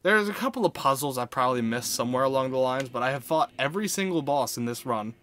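A man giving casual gameplay commentary in an excitable, exclamatory way, swearing freely. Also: mid-range voice, fast talker, a little hiss or hum. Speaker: video game let's-player.

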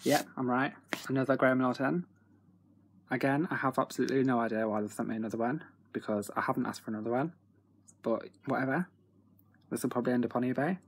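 A young man with a freely swearing, excitable manner, chatting casually at home in a video diary. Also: mid-range voice, quick pace, pauses often. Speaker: autograph collector vlogger.

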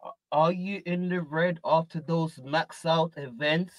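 A man's voice: on the high side, unhurried, no room sound, rough recording. A man hosting a reaction show, commenting animatedly and calling out names in repeated bursts. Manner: animated, repetitive, calls out names. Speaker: host.

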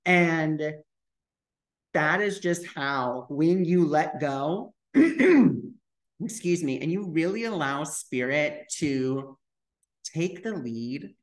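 A man's voice: a little high, takes it slowly. Chatty man telling a vlog story. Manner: chatty, full of "like" fillers, re-enacts dialogue. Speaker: spiritual vlogger.

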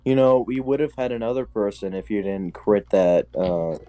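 Deep, mellow man making mock threats. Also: normal speed. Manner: jokey mock-aggressive threats. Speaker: player on the call. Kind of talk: casual chat.

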